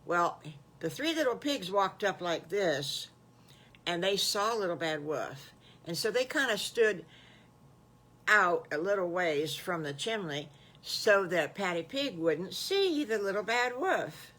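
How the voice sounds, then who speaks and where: A woman's voice: medium pitch, sing-song, slow. Folksy great-grandmother telling a bedtime tale. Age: older. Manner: folksy, gentle, homespun. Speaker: storyteller grandmother. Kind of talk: improvised children's story.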